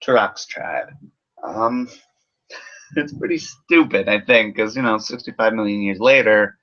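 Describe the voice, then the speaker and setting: A man's voice: lowish voice, a little slow, a bit bright. Sarcastic man rambling through a review. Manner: sarcastic, rambling, swears freely. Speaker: movie reviewer. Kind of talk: casual spoken film review. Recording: dull lo-fi recording.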